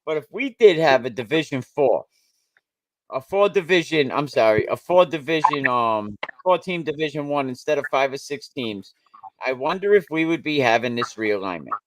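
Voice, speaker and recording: A man's voice: mid-range voice, big pitch swings, normal speed. A man hosting a casual sports talk over a call, speaking bluntly and repeating himself as he argues. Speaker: show host.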